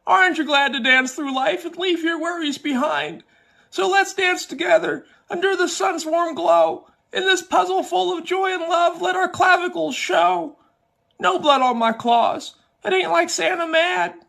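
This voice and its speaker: A man's voice: very high-pitched, steady tone, unhurried, vocal fry, pushed and bright, exaggerated voice. A man singing as a cheerful, grateful female orange bear in bouncy rhymes. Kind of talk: sung comic song.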